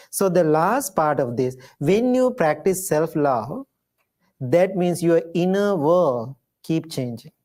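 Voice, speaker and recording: A man, a Buddhist monk, giving a dharma talk in gentle storytelling with simple, repeated phrases. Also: on the high side. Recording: live talk to an audience.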